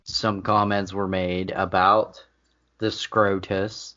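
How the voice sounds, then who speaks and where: Low-voiced man with dry delivery. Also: little pitch movement, slow, sharp tone, highs cut off. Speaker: podcast co-host. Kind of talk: casual comedy chat.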